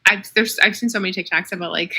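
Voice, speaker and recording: Gravelly, bright-toned chatty woman. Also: medium pitch, steady tone, fast talker. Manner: chatty storyteller, many fillers. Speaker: podcast co-host. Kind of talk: casual chat. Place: Los Angeles.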